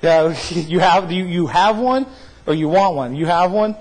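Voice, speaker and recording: Man preaching in an echoing church. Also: high-pitched. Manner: emphatic, drawn-out recitation of scripture with frequent restarts. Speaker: pastor. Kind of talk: sermon. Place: church stage.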